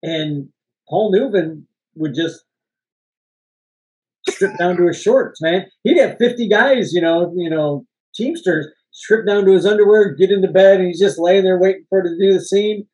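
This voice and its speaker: His voice sits high and slightly mellow, moving at normal speed over poor audio. The man co-hosts a casual movie podcast, sharing rambling behind-the-scenes stories with lots of laughter and some swearing.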